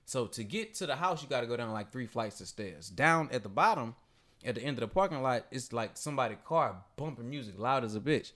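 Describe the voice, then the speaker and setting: A man tells a long story on a podcast. He talks loosely and cusses freely. His voice leaps high and loud whenever he acts out what people shouted. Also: a little fast. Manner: animated, profane storytelling with voiced quotes. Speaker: podcast host. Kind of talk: casual storytelling chat.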